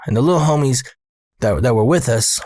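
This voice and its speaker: A man's voice: medium pitch, a little fast, darkish tone, no echo, studio quality. A man telling a spooky personal story in a casual, slangy way, swearing and speaking directly to the listener.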